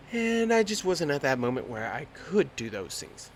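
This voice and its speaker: A man's voice: a little high, normal speed, few pauses, a little hiss or hum. Slangy young man telling a story. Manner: animated, slangy and profane. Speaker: podcast host. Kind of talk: casual storytelling.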